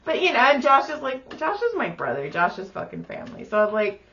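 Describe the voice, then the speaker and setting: A woman's voice: on the high side, huge pitch swings, fast, creaky, sharp tone, dull audio. A woman co-hosting a podcast, telling stories in a blunt, profane, teasing way. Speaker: podcast co-host. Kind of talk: casual storytelling chat.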